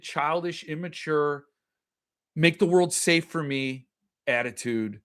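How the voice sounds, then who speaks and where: A middle-aged man talks casually to his viewers, answering their comments as they come in. His voice sits a little higher than most men's, and he often breaks off and starts his sentences again. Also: fairly bright tone. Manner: chatty, reacts to viewer comments, trails off and restarts. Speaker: host. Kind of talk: casual livestream chat.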